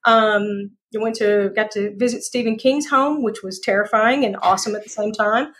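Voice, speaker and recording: A woman's voice: medium pitch, moderate pace, a bit bright, slight background noise. Woman guest, folksy and emphatic delivery, mid-range voice. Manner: folksy, emphatic, repeats phrases for effect. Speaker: podcast guest, speaker. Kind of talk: casual interview chat.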